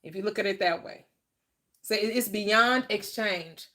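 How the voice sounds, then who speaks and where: A woman's voice: mid-range voice, a little slow. A woman hosting a casual talk about money and receiving, speaking with animation and acting out little scenes. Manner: animated, plays out scenes aloud with exclamations. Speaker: host. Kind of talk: casual chat.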